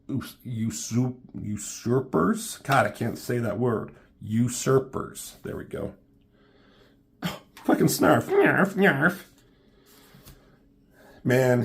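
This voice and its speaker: Dude reviewing a comic, swears a lot, gravelly voice, rambles on. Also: male voice, fairly low pitch, darkish tone. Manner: profane, rambling and joking. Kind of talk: casual comic review, reading along.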